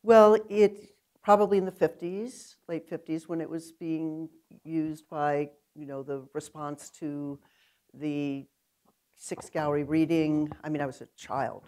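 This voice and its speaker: An older woman with a low voice, speaking as a guest poet at an onstage conversation. She rambles and digresses easily, drifting from one thought to the next and laughing often as she talks. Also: steady tone, a little slow, a little mellow. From New York City. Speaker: interviewed poet.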